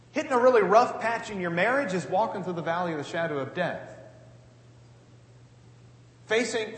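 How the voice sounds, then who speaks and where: A man preaching a sermon in an earnest, conversational way, with many casual asides. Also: high voice. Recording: echoey hall with long reverb.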